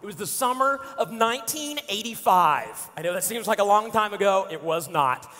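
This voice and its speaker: A man in his forties tells stories from the pulpit, playful and animated, acting out his friends' voices. His voice sits high for a man. It rings out with a long hall reverb from the church auditorium. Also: normal speed. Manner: animated, playful, acts out friends' lines with shouts and laughs. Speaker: pastor. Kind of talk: storytelling sermon.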